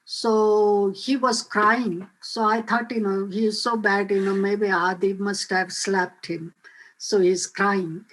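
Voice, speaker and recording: An older woman on a video call telling a personal story, halting often with filler phrases. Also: mid-range voice, little pitch movement, poor audio. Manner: halting, frequent "you know" fillers. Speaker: guest speaker.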